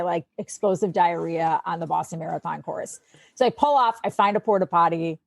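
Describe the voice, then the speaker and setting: A woman's voice: lowish voice, brisk, gravelly, dry recording. Chatty woman telling a story. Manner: chatty, fills speech with "like"; animated, acts out quotes. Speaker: sports anchor guest. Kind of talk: casual storytelling.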